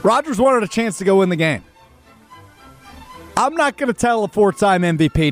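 A man's voice: sits high, expressive, normal speed, pauses often, faint music behind. A man hosting a sports radio show, talking in an emphatic, opinionated and conversational way.

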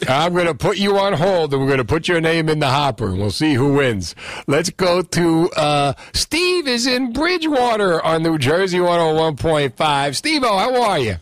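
A man's voice: on the high side, sing-song, moderate pace, dry recording, clean studio sound. A male radio host running a call-in show, joking and bantering energetically. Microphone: studio microphone.

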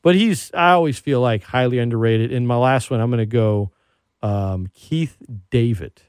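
A male radio host in casual chat, talking with lively, excitable energy at a middle pitch. The sound is dry and close, with no room around the voice. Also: moderate pace, smooth, no room sound. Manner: animated, excitable storyteller.

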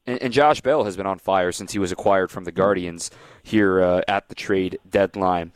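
A man hosting a post-game radio sports talk show, running through standings and schedules in a quick, animated way. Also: deep voice, clean tone, no room sound.

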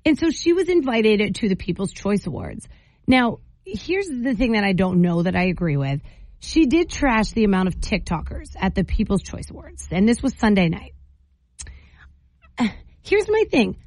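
Radio host lady, super animated voice, dishing her opinions, dry and close. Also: medium pitch, moderate pace, no echo, poor audio. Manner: opinionated storytelling. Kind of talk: morning radio chat.

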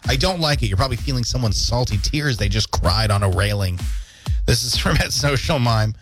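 A man's voice: fairly low pitch, a little fast, soft background music. A man hosting a morning radio show, telling stories with jokes and laughs in a casual studio banter. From Canada. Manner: jokey, animated storytelling with laughs.

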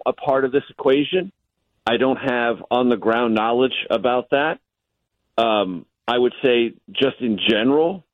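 A man's voice: medium pitch, dry recording. Man analyzing the news over a phone line. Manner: measured, analytical, stresses key words. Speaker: chief Washington correspondent, guest. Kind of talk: radio news interview. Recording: tinny dry phone line.

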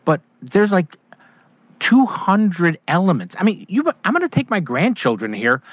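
An older man hosts a radio show with a slightly high, very lively voice. He chats with a guest, enthusiastic and rambling, and restarts his sentences. The studio sound is dry and close. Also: unhurried, no room sound. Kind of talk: casual radio chat.

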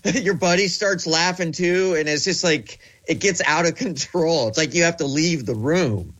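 A man's voice: on the high side, moderate pace, fairly bright tone. A man co-hosting sports talk radio, stammering a little and chuckling as he tells a story.

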